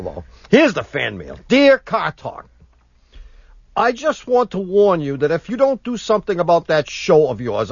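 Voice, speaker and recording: A man's voice: fairly high pitch, breathy edge, no room sound. A man co-hosting a radio show, bantering and reading listener mail, often breaking into giggling laughter. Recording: dull lo-fi radio broadcast.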